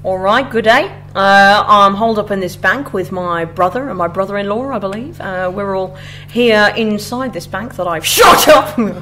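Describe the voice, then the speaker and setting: A woman's voice: medium pitch, normal speed, music in the background, natural voice. A woman voicing a boisterous male outlaw in a put-on Australian accent, brash and rowdy. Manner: brash, rowdy, laughing through it.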